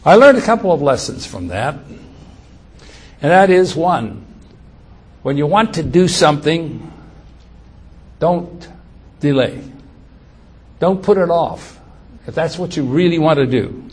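An older man with a husky voice, earnestly telling a personal story from his childhood and acting out the quotes. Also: a little high. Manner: earnest, animated retelling with acted quotes.

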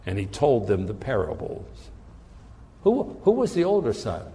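A man's voice: mid-range voice, huge pitch swings, moderate pace, mellow, in a large hall. A man preaching a sermon in an earnest way, often repeating words as he searches for the phrasing.

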